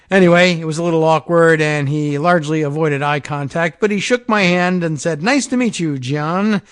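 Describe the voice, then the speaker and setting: A podcast host with a fairly high voice reads a long first-person story aloud to his listeners. His close-miked, dry delivery, recorded with no echo, keeps slipping into quiet, sardonic asides before he picks the reading back up.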